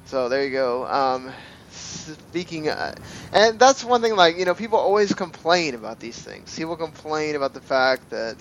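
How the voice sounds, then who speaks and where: A man co-hosting a casual gaming podcast, talking in a fairly high voice. He rambles with lots of fillers and restarts, and a faint low rumble runs behind him. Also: expressive, moderate pace, poor audio. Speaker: podcast co-host.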